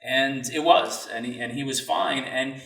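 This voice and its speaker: A man as a podcast guest, telling a personal story in an earnest, reflective and halting way. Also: medium pitch, creaky, a bit bright. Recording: roomy sound, mic at a distance.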